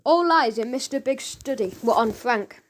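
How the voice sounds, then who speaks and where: A woman narrating a children's audiobook in a lively, expressive storytelling manner. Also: fairly high pitch, normal speed.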